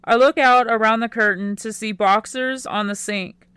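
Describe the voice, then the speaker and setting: A woman narrating a first-person teen romance audiobook in a quiet, unhurried way. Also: on the high side, fairly even intonation, clean tone, no room sound.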